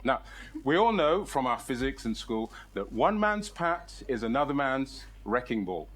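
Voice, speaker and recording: Animated middle-aged man telling a comic story. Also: fairly high pitch. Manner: animated, exaggerated, laughs through his own lines. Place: storytelling stage.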